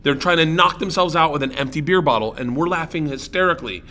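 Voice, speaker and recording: A man's voice: a little high, quick pace, slight background noise. A man, a comedian and guest, telling rambling, profane party stories in a casual chat. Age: young adult. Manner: rambling, profane, animated storyteller.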